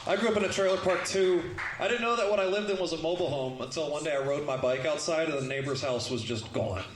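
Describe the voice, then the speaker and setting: A man's voice: a little high, fast talker, roomy sound, background noise. A man emceeing a comedy show, introducing comedians with joking, conversational banter.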